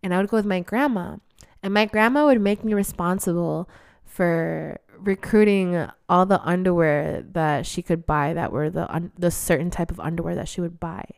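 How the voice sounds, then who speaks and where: A woman's voice: lowish voice, normal speed, vocal fry, clear, resonant tone, dry recording, studio quality. A woman in her twenties telling candid stories in a casual monologue. She swears freely and laughs often. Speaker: vlogger.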